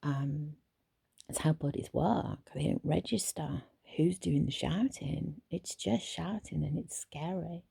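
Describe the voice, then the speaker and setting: Woman therapist, casual storytelling, gravelly husky voice, dark tone, soft hesitant delivery. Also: sits low, takes it slowly, no room sound. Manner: soft, hesitant, with whispered asides.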